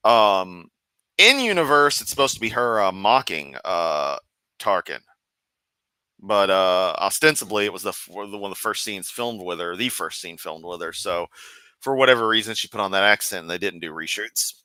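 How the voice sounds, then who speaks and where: A man streaming sarcastic comedic commentary while reacting to a video, mocking in a deadpan way. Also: low voice, moderate pace, clear, resonant tone, no room sound.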